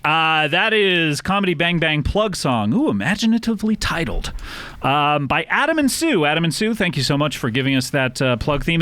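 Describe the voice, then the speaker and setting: A man hosting a comedy podcast, teasing his guests and laughing between quick remarks into a studio microphone. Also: a little high, fairly bright tone, dry recording. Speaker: podcast host.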